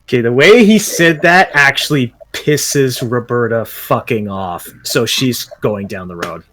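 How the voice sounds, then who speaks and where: A man's voice: mid-range voice, a little slow, fairly bright tone, a little hiss or hum. Blunt, swearing man at the game table. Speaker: player. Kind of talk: tabletop role-play chat.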